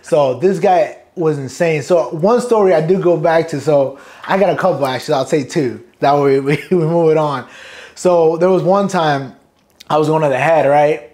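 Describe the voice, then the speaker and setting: A man's voice: on the high side, normal speed, darkish tone. A man, a Marine sergeant major telling loose, profane stories from boot camp in a casual interview, often laughing. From Brooklyn, New York.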